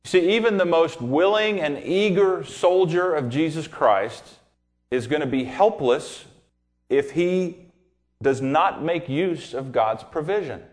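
A man preaching a sermon to his congregation, teaching verse by verse and acting out the voices in his anecdotes. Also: fairly high pitch. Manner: addresses congregation directly with questions.

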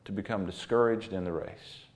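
A man's voice: sits low, moderate pace. A male pastor preaching a sermon, telling a personal story earnestly and repeating words for emphasis.

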